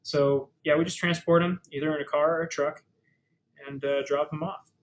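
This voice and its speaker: A man with a somewhat high-set voice walks listeners through practical advice in an easy, conversational webinar tone. He pads his sentences with fillers and often restarts mid-phrase. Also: level tone, normal speed, low-quality recording. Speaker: webinar presenter. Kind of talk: casual explanatory webinar talk.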